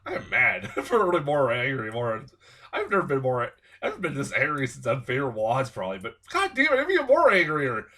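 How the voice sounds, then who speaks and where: A man's voice: mid-range voice, wildly swooping pitch, fairly quick, pushed and bright. Man ranting angrily about a film. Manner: angry, profane, exasperated ranting. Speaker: movie reviewer. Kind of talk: casual film review rant.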